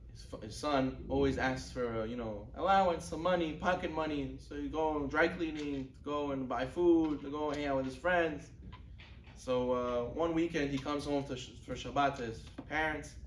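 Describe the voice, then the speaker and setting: Off-mic in an echoey room, with slight background noise, a rabbi lectures at normal speed during a Torah class. He weaves stories into a sermon-style talk, performing quoted lines in a higher pitch for the characters, and peppers it all with Hebrew and Yiddish religious vocabulary.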